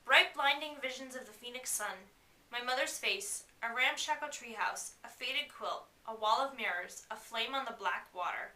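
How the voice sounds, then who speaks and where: A woman's voice: on the high side, normal speed, bright, forceful tone, recorded from a distance. A woman reading a novel aloud in a casual way, breaking off for giggly, chatty asides, recorded in an echoey room away from the mic. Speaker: reader. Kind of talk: casual read-aloud with commentary.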